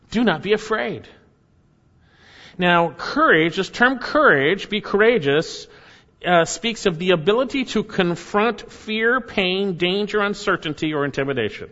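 Male pastor delivering an emphatic sermon with quiet drops; long church reverb, dull recording. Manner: swings from loud emphatic peaks to low quiet lines; repeats key phrases for emphasis.

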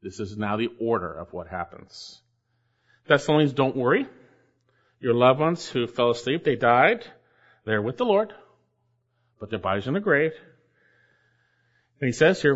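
A man's voice: mid-range voice, lively intonation, normal speed, long pauses. A man preaching a verse-by-verse sermon as pastor, emphatic and repeating key phrases for stress. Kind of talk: expository sermon. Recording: dull lo-fi sermon recording.

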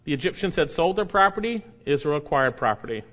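A man's voice: a little high, lively intonation, fairly bright tone. Guy preaching a bible sermon, emphatic, repeats stuff, kinda dull muffled sound. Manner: emphatic, repeats key phrases, reads scripture slowly. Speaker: pastor. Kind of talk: expository sermon.

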